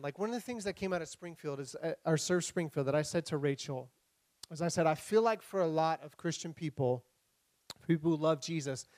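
A young man preaching a sermon, retelling scripture with lively humor, playful voices and sound effects. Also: on the high side, no room sound. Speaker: pastor.

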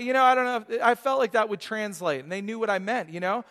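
Male pastor, 30s, high bright tone, energetic sermon with anecdotes. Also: brisk, hardly any pauses. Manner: energetic preaching with storytelling asides.

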